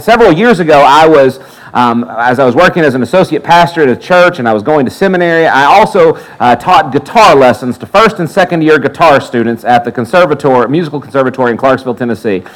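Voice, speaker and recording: A man's voice: mid-range voice, poor audio. A man preaching a sermon, telling a personal story and acting out the other people's lines. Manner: animated storyteller acting out quotes. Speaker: pastor.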